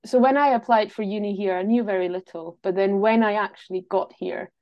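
A travel writer from Austria, her accent blending a Glasgow Scottish lilt with her own, speaks briskly and steadily in a mid-range voice. She's a guest in an easygoing interview chat and laughs now and then. The recording has its highs cut off.

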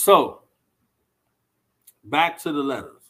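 Streamer, male, high-pitched and expressive, slow deliberate delivery, blunt opinionated talk to chat. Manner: blunt, animated, addresses viewers directly. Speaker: vlogger reacting to live chat. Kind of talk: casual commentary on a live stream.

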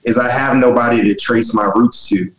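A man's voice: medium pitch, steady tone, moderate pace, reverberant, highs cut off. A man from the United States, hosting a casual group discussion in long, rambling thoughts.

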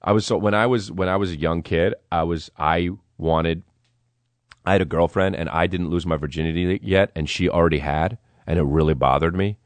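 Excitable, profane male comedy host. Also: deep voice, a little fast, no room sound. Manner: excitable, profane, rambling with restarts. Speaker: podcast host. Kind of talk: comedic storytelling.

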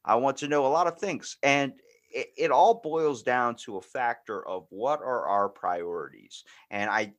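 A man hosting a podcast in loose, casual chat. He talks bluntly and swears freely, and he acts out past conversations as he tells them. His voice sits at an ordinary middle pitch. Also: a little slow, fairly bright tone. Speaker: podcast host.

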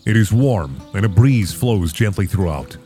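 A young man as game master, calmly narrating scenes and swearing casually between them. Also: fairly low pitch, moderate pace, faint music behind.

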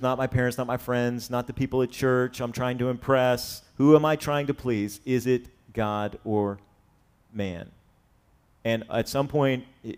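A man preaching a sermon as pastor, earnest, pushing key phrases hard and then letting them fall low, often repeating words as he drives a point home. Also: darkish tone.

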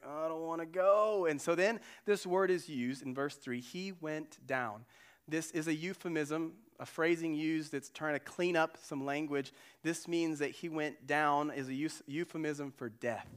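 A man's voice: on the high side, a bit bright, clear, resonant tone. Casual male pastor preaching. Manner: casual, conversational preaching with slangy asides and acted quotes. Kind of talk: sermon.

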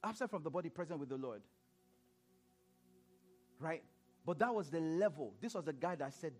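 A man preaching a sermon in church, animated, laughing often and repeating phrases as he questions the congregation. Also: a little high, normal speed, long pauses, soft background music.

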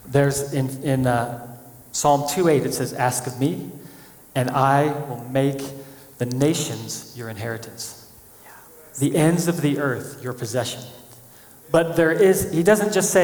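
Animated pastor preaching in an echoey hall. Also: male voice, medium pitch, unhurried. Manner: animated, acts out quotes of God and people. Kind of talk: sermon.

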